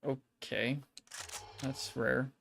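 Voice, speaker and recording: Dude playing a game, cussing and reacting, medium voice. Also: male voice, mid-range voice, level tone, very slow, creaky, a bit bright, a little hiss or hum. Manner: blunt, swearing reactions to gameplay. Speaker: streamer co-host. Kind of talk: casual reactions while gaming.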